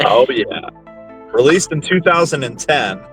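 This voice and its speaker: A man co-hosting a horror movie review show in casual chat, relaxed and rambling with lots of fillers. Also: mid-range voice, unhurried, soft background music.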